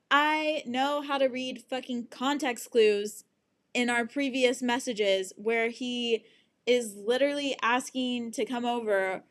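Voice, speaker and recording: A young woman recounts a story at an unhurried pace, her voice sitting a little high. She sounds exasperated and swears freely, slipping into the voices of the people she quotes. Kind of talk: casual storytime monologue.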